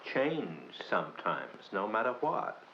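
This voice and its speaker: An actor playing a weary middle-aged husband who answers in short, low, quiet phrases. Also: male voice, wildly swooping pitch, takes it slowly, full character voice. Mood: grave. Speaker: actor in a filmed stage play. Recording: dull old film soundtrack with faint hiss.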